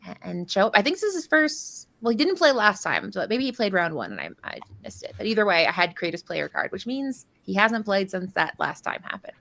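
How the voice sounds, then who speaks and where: A woman's voice: mid-range voice, very animated, fairly quick, gravelly, hardly any pauses, fairly bright tone. A woman casting a live card game tournament, chatty and jokey, rambling through player intros and stories. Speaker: caster. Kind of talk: live game commentary banter.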